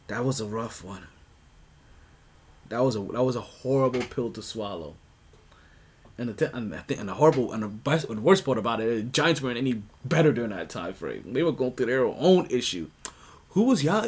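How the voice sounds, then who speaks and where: A man's voice: mid-range voice, animated, moderate pace, long pauses, breathy edge. A man hosting a sports podcast, talking casually and rambling with restarts, bursts of emphasis and laughs. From United States. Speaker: podcast host.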